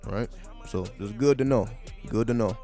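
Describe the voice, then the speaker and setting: Sarcastic, low-voiced man streaming commentary. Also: normal speed, mellow. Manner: profane, repetitive, sarcastic rhetorical questions. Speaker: livestream commentator. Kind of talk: casual livestream commentary. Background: faint background music.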